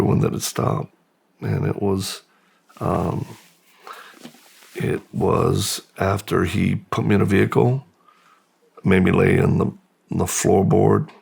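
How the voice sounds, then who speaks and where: A middle-aged American man, a podcast guest, slowly and haltingly recounting a painful memory in a subdued, gravelly voice. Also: low voice. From United States. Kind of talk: personal storytelling in interview.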